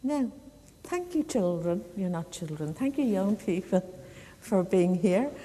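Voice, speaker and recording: A woman gently telling a story to children during a church service, chatty and unhurried, with small fillers. Her voice is mellow and a little husky. A long church reverb trails each phrase. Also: mid-range voice, lively intonation.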